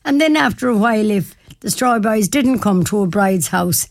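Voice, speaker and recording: A woman's voice: medium pitch, expressive, normal speed, no echo, studio quality. Chatty older Irish woman from Mayo. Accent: Irish, County Mayo. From Ireland. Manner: chatty, warm-hearted, repeats herself, laughs often. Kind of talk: casual storytelling.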